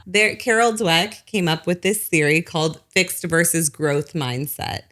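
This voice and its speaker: Her voice is fairly low yet fairly bright, and she keeps a measured pace. As a psychologist guesting on a podcast, the woman explains at length in everyday speech heavy with "like" and "you know," performing short quotes from parents in other voices.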